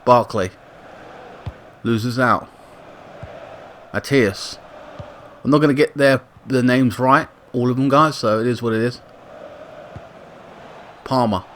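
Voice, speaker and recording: Gaming commentator, male, middle pitch, chatty with sudden excited bursts, light noise under the voice. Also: takes it slowly, pauses often. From Britain. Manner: excitable bursts on attacks, chatty asides and self-corrections. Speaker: gaming YouTuber commentating a football sim. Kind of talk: casual play-by-play game commentary.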